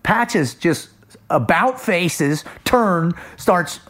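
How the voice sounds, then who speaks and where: Male podcast co-host, fairly high pitch, emphatic and energetic, stumbles into quick restarts. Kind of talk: casual storytelling chat.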